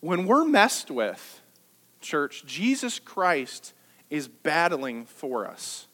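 A man preaching a sermon to his church, conversational and lively, with jokes and rhetorical questions. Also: on the high side, very slow. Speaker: pastor. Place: church service.

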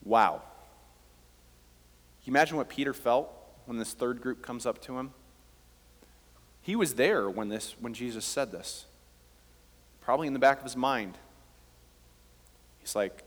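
A man's voice: medium pitch, normal speed, long pauses, fairly bright tone. A man preaching a sermon as pastor, with rising emphasis on key words, in a church hall.

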